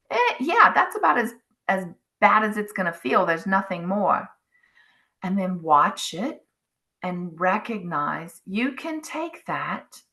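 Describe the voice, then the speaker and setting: A middle-aged woman hosting a spiritual wellness talk, calmly guiding listeners and acting out their inner thoughts. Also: medium pitch. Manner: slow, soothing, acts out inner voices. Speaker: spiritual wellness channel host. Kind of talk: guided self-help talk.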